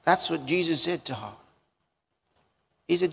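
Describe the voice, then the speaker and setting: A male preacher delivers a sermon at a very slow, deliberate pace, leaning hard on repeated phrases. His voice sits a little high for a man and rings with the long reverb of a large hall. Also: animated, gravelly, fairly bright tone, slightly rough.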